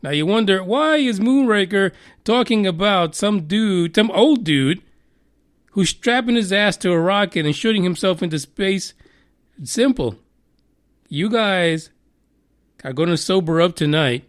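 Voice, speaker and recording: A man hosts a podcast news segment in a fairly high voice. He swears freely and mocks the story he reads, often breaking into laughter. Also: lively intonation, unhurried. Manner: profane, mocking, laughs while reading. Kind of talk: crude comedic news commentary.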